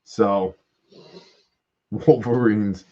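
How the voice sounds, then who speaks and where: A man's voice: lowish voice, fairly even intonation, drawn-out words, darkish tone, highs cut off. A man hosting a casual live stream, joking loosely and laughing often. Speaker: host.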